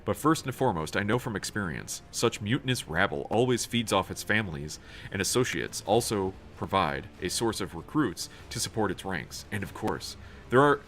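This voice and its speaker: Low-voiced guy streaming a game, reads the text out loud, swears a lot, bit of background hiss. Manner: casual, swears, stumbles while reading. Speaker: streamer playing a role-playing video game. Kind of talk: casual gameplay livestream, reading game text aloud.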